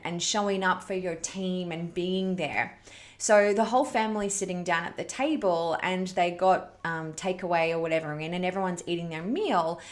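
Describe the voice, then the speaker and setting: Middle-aged mum hosting a parenting talk, candid and heartfelt, laughs easily. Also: female voice, mid-range voice. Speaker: parenting challenge host. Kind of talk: earnest storytelling talk.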